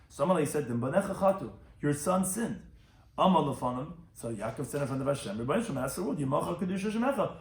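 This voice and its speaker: Animated rabbi teaching Talmud, echoey room. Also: male voice. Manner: animated, rises in pitch to stress points. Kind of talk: Talmud lecture.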